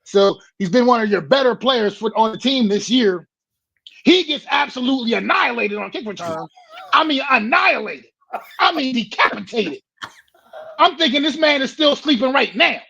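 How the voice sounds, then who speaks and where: A man co-hosting a sports talk show, ranting bluntly and profanely in a deliberate, emphatic way. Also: very high voice, animated, gravelly, fairly bright tone, slightly rough. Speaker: co-host. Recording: dull lo-fi mic.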